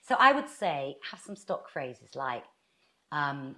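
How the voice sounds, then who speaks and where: Animated woman giving advice. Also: deep voice, slow. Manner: animated, acts out little quoted exchanges. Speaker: author and guest. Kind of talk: conversational advice interview.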